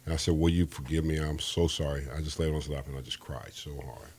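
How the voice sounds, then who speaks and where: A man's voice: extremely low pitch, steady tone, quick pace, a little mellow, husky. A man as an interview guest, telling an earnest, rambling faith testimony and often restarting his sentences.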